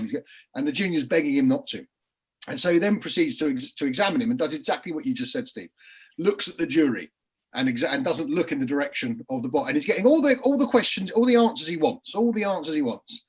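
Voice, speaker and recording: A man on a panel telling lively courtroom anecdotes over a video call, with frequent restarts and laughing mid-story. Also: a little high, fast talker, husky. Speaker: crime writer and former barrister on a panel. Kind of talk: casual panel chat, anecdotes.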